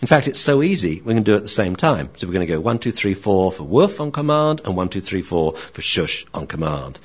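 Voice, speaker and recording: A man teaching dog training in a lecture, animated and acting out barks and dialogue. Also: low-pitched, fairly quick, husky. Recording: dull lo-fi recording.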